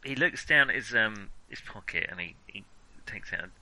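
A man's voice: fairly low pitch, animated, normal speed, sharp tone, exaggerated voice, low-quality recording. A man voicing a nervous young soldier who stammers and calls everyone sir. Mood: timid. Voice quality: stammering, keeps saying sir.

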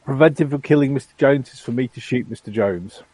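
A man's voice: mid-range voice, fairly quick, mellow, no room sound, poor audio. Guy at a tabletop game, trips over his words a lot, dry close sound. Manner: hesitant, stumbling, many fillers and restarts. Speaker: player. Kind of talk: casual tabletop game chat.

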